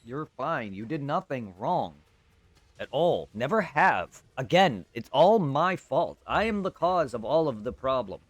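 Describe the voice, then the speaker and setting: A man's voice: medium pitch, very animated, unhurried, no echo. A male streamer talking to his live chat, frustrated and venting.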